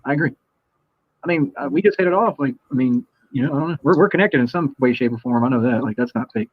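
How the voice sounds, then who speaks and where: Fast-talking boastful guy on a tinny phone-ish call, super dry. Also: mid-range voice, animated, no echo. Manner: boastful, flirty. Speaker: guest. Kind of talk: casual video-call conversation.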